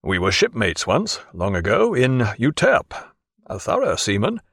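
A man's voice: mid-range voice, wildly swooping pitch, a little slow, vocal fry, fairly bright tone, dry recording, clean studio sound, heavily acted. A man voicing a hearty sea captain who speaks kindly and measuredly, in an audiobook reading.

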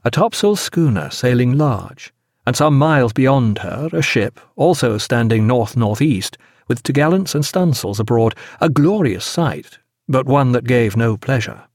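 A man narrating a sea novel as an audiobook, expressive and measured. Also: mid-range voice, dry recording, clean studio sound.

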